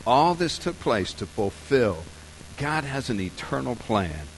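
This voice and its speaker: A man preaching a sermon, telling a story softly and slowly, then building to loud, emphatic points. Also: medium pitch, sing-song, a little hiss or hum, poor audio. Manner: storytelling, soft and slow in scenes, rising loud and emphatic for points. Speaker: pastor.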